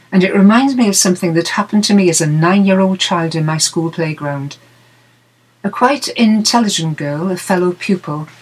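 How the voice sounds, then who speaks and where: A woman presenting a Christian music program, telling a personal story in a measured, earnest way. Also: fairly low pitch, slightly rough, low-quality recording.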